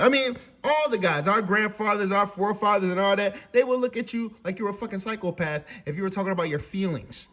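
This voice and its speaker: High-voiced man ranting with profanity. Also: brisk, hardly any pauses. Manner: animated, profane, repetitive ranting with stammered restarts. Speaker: commentator. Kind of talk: casual ranting monologue.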